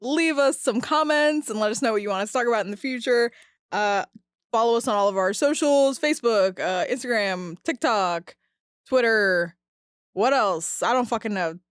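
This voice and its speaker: A woman's voice: on the high side, moderate pace, clean tone, dry recording. A woman hosting a casual podcast, talking in a heated, profane, rambling way with lots of fillers. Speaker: podcast host. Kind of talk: casual ranting podcast talk.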